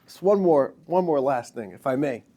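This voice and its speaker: A man's voice: medium pitch, expressive, normal speed, mellow, pitched below the performer's own voice, close to an everyday voice. Man voicing a humbled talking parrot in a told joke, formal and overly polite. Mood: apologetic. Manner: formal, apologetic.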